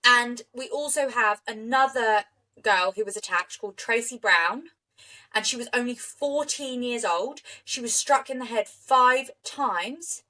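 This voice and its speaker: A woman co-hosting a podcast, telling a true crime story in an animated, indignant way. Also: on the high side, measured pace, poor audio. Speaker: podcast co-host.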